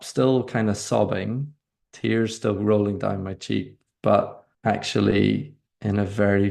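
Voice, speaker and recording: Gravelly man telling a personal story. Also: on the low side, a little mellow. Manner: halting, with frequent restarts and fillers. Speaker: podcast guest.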